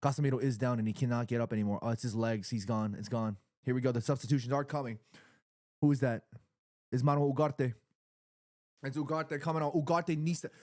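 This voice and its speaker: A man streaming a live football watchalong, excitably commenting on the play and reading out viewers' chat messages. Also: medium pitch, fairly quick, no echo, studio quality. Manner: excitable, chatty fan commentary.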